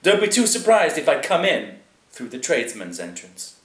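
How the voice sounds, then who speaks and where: A man doing a booming pompous English lord. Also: huge pitch swings, normal speed, a bit bright. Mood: breezy. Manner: booming, plummy, theatrical. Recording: roomy echo.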